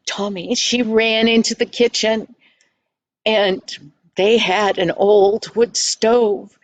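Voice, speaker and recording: Slow, folksy older woman storyteller. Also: medium pitch, fairly even intonation, dry recording. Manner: homely, gentle, folksy. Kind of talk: children's story narration.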